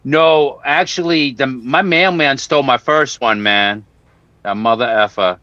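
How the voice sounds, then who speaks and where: A man chatting casually and profanely, rambling through a story and putting on quick mock voices. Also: mid-range voice, sharp tone, dry recording. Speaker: guest on a home-grow talk stream. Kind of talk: casual chat. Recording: dull, dry lo-fi audio.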